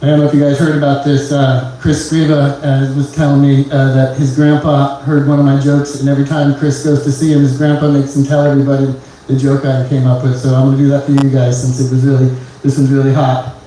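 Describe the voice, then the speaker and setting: A man doing a live stand-up set on a small comedy club stage, talking haltingly with lots of "uh" fillers and restarts. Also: medium pitch, monotone, mellow, slight background noise. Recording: echoey club from far off.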